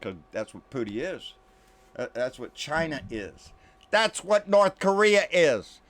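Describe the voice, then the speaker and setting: A man hosting a political commentary channel delivers an angry, profane rant to camera, repeatedly calling the listener "baby" and often dropping into low, muttered asides. His tone is fairly bright.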